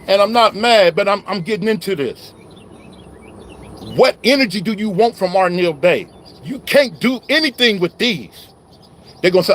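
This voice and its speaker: A man's voice: high-pitched, expressive, moderate pace, pauses often, a little hiss or hum. A man giving a heated, preachy online call-out, riled up and confrontational, wired on coffee. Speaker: online religious commentator.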